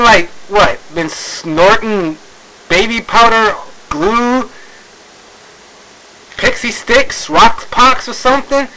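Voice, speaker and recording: Fed-up male vlogger, slow, with a faint hiss on the recording. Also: sits high, sharp tone, low-quality recording. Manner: exasperated, sighing, frequent fillers and restarts. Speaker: video blogger. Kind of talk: ranting video commentary.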